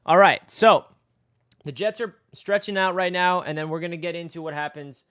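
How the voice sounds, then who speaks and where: A young man from the United States hosting a casual live stream, chatty and rambling, answering viewers and now and then breaking into excited yells. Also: fairly high pitch, normal speed, clear, resonant tone, dry recording, clean studio sound. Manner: excitable, rambling, bursts into yelling.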